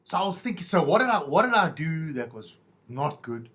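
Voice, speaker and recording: A man's voice: a little high, big pitch swings, brisk, a bit bright. A middle-aged man hosting a podcast, telling a rambling, self-mocking monologue in a wry, stop-start way. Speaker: podcast host.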